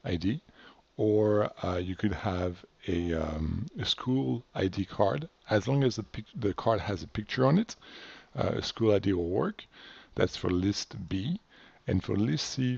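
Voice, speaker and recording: A man's voice: lowish voice, vocal fry, a little mellow, slightly rough, no room sound, muffled recording. A man from France casually walking through paperwork in a loose, offhand tutorial, correcting himself as he goes. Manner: loose and offhand, many fillers and self-corrections. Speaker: instructor. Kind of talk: casual screen-share tutorial.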